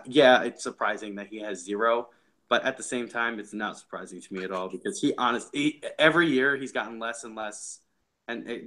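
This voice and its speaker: A man's voice: on the low side, fairly bright tone. A young man co-hosting a casual soccer podcast, often restarting his sentences as he thinks aloud. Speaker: podcast co-host.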